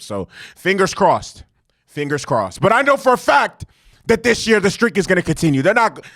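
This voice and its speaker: A man with a high-pitched voice rants about football games in a loose, profane, animated way. He repeats his points to hammer them home. The sound is dry and close. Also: no room sound. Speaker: sports commentary host. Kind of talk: casual sports reaction rant.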